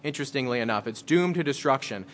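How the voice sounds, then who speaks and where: A pastor giving a conversational sermon, reading scripture aloud and then explaining it in plain words. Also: male voice, medium pitch, lively intonation, fast talker, a bit bright, a little hiss or hum.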